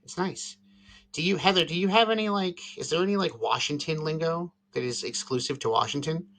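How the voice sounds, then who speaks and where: Bright tense-voiced guy from the northeast, teasing his friends on a podcast. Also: fairly high pitch, a little fast, slight background noise. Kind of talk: casual chat.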